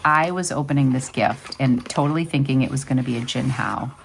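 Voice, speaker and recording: A woman's voice: a bass voice, a little fast, creaky, slight background noise. A woman in her fifties hosting a vlog, chatting casually and rambling with lots of fillers. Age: 50s. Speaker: vlog host. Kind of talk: casual chat.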